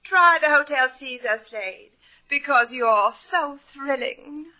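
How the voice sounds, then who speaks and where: A woman's voice: high voice, animated, takes it slowly, heavy background noise. An actress playing a flirtatious, teasing society woman in a 1950s radio drama, drawling and playful. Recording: old radio broadcast with faint music.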